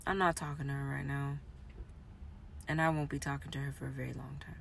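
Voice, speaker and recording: A woman in a raw, emotional personal monologue, moving between quiet reflection and angry outbursts. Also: a bass voice, little pitch movement, brisk, gravelly, a little hiss or hum.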